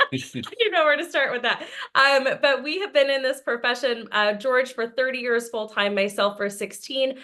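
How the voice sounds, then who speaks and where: A woman's voice: fairly high pitch, pushed and bright. A woman from Austin, Texas, in her thirties, giving an enthusiastic, chatty sales presentation over a video call and laughing often. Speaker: business presenter.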